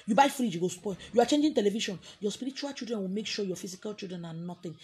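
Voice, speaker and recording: A woman's voice: fairly high pitch, a little mellow, breathy edge. A woman with a Nigerian accent, preaching as a spiritual teacher in a scolding, confrontational way. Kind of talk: preaching to an audience.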